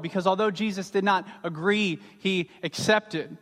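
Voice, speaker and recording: A man's voice: high-pitched, fairly even intonation, moderate pace, hardly any pauses, a bit bright. A man preaching a sermon as pastor, earnest and emphatic, repeating his key words. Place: church sanctuary. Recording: long reverb of a large hall.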